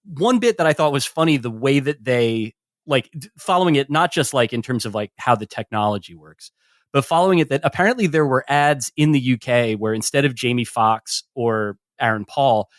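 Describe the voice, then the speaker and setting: A man's voice: mid-range voice, lively intonation, fairly quick, no echo. Guy rambling on a podcast, says like a lot, dry close mic. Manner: rambling, fills speech with "like", laughs while talking. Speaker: podcast panelist. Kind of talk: casual podcast chat.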